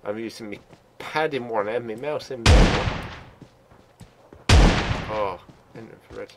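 A man's voice: medium pitch, a little slow, heavy background noise. Chatty older man commenting on gameplay. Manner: chatty and laughs easily, gets loud and sweary in action. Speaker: gaming channel host. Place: home computer desk.

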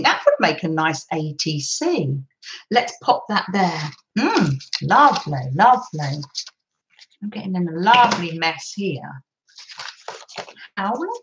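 A woman's voice: medium pitch, big pitch swings, unhurried, a little hiss or hum, poor audio. A woman chatting through a craft session at her desk, gushing over papers and cooing about how lovely everything is. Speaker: craft vlogger. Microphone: camera on desk.

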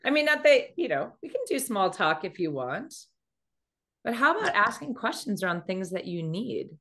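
Animated woman coaching on dating. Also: mid-range voice, moderate pace. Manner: animated storytelling, acts out quoted speech. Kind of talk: motivational talk on dating.

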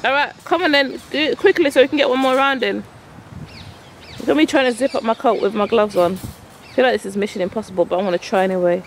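A woman's voice: on the high side, quick pace, slight background noise. A woman coaching her son at tennis on an outdoor court, calling out shots and chatting casually to her vlog viewers. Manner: calls out shots, chatty and coaxing.

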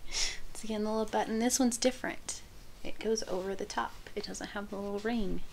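A woman hosting a crochet channel, chatting casually and gushing softly as she opens mail, sometimes dropping to a whisper. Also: mid-range voice, steady tone, fairly quick, creaky, slight background noise. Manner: gushing, soft-spoken, often drops to a whisper. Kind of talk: casual unboxing chat.

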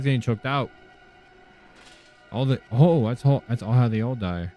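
A man's voice: medium pitch, moderate pace, dark tone, soft background music. A young man casually commenting while playing a horror game, reacting with startled, profane outbursts. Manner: jumpy, profane reactions to scares. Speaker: gaming channel host. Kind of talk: let's play commentary.

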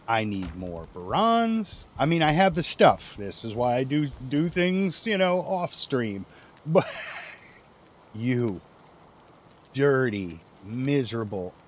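A man's voice: mid-range voice, a little hiss or hum. A man streaming a game live, commenting casually as he plays and grumbling and swearing when things go wrong.

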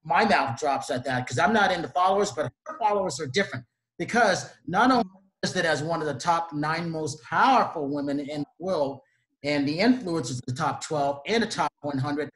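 A man's voice: fairly high pitch, expressive, moderate pace, fairly bright tone. Male show host, effusive and eager, room echo around the voice. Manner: enthusiastic, effusive. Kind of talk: interview host introduction and questions. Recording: roomy echo.

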